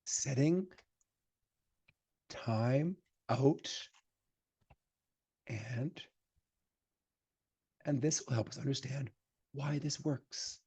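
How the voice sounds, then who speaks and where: A programming instructor gives a live-coding lecture, chatting and thinking aloud as he types, and becomes emphatic when offering advice. His mid-range voice is warm and gravelly with a breathy edge, drawing out words and leaving long pauses.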